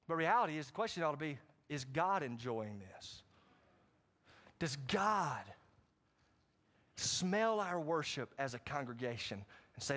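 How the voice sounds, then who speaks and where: A middle-aged man preaching a sermon, animated, with sudden loud rises and frequent asides to the congregation. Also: on the high side, normal speed. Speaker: pastor.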